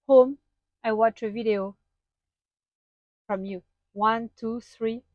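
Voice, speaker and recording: Slow-talking French-accented woman in her van. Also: a little high, dry recording, muffled recording. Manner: chatty, halting with frequent fillers and laughs. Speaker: vlogger. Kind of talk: casual van tour vlog. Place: inside a small van.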